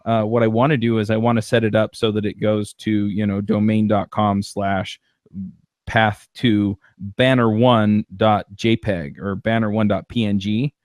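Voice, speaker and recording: Man, podcast host, low voice, dry close sound, rambling chat with restarts. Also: level tone, moderate pace, a little mellow, no echo. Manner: rambling, many restarts and fillers. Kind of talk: casual chat.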